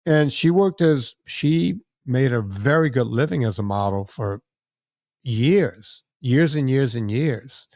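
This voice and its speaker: A middle-aged man hosting a podcast, telling a lively story and acting out the other people's lines. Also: medium pitch, slow pace, dry recording, studio quality. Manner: animated storyteller acting out quoted voices. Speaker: podcast host. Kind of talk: casual storytelling chat.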